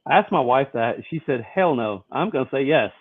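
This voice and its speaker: A man co-hosting a podcast in casual chat, halting with filler sounds and the odd swear word. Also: medium pitch, lively intonation, slightly rough. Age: adult. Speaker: podcast co-host. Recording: tinny lo-fi phone-like sound.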